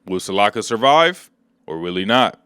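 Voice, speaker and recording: A man's voice: fairly low pitch, sing-song, normal speed, pushed and bright, clean tone, no room sound. A man hosting a casual comic book recap, telling the story in slangy, laid-back speech on a close mic.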